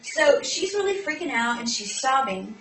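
With a high, fairly bright voice full of big pitch swings, this podcast co-host recaps a fantasy novel at a moderate pace, chatting comically and leaning on fillers. Faint music plays behind her, and the echoey room is picked up by a far-off mic.

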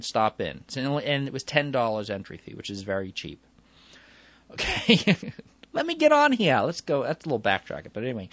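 A man's voice: medium pitch, a bit bright, dry recording. A man telling a personal anecdote in a meandering way, correcting himself often and chuckling as he goes. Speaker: storyteller.

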